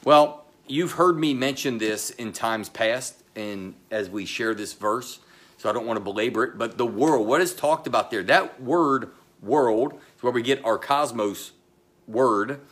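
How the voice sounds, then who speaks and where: The sermon comes from a middle-aged pastor whose delivery is slow and forceful, full of pauses and sudden dips into a quiet tone, with casual remarks aimed at the congregation.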